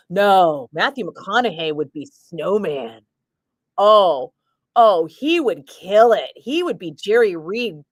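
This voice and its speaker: A woman's voice: medium pitch, dry recording, studio quality. A middle-aged woman, a radio DJ, chatting casually and bluntly with her stream viewers and answering their comments. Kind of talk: casual livestream chat.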